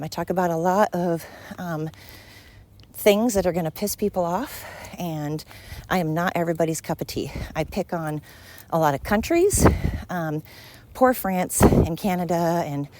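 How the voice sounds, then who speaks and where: A woman's voice: on the low side, darkish tone. A middle-aged woman hosting a casual, rambling podcast monologue while walking uphill, chatty and blunt, swearing freely and poking fun at herself, a little out of breath. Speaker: podcast host. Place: outdoors walking, yard work noise around.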